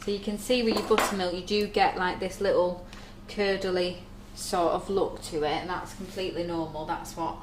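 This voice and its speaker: A woman talks through a recipe step by step while she bakes, in a chatty, easy way. Her voice bounces around a roomy kitchen. Dishes and pans clatter clearly in the background. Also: on the low side, fairly even intonation, normal speed, few pauses, slight background noise. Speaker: baker demonstrating recipes. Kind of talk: live cooking demonstration. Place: shop's demo kitchen.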